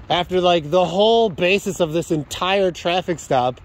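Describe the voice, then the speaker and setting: Young guy with a high voice, mad and swearing nonstop, venting one complaint after another. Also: animated, slight background noise. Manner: furious, heavy swearing, rapid run-on complaints. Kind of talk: angry venting rant.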